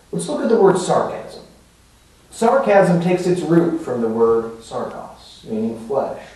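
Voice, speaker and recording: A man's voice: fairly high pitch, dark tone. Man preaching in an echoey church. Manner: conversational teaching, with fillers and rhetorical asides. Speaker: pastor. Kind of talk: sermon. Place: church sanctuary. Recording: echoey hall from far off.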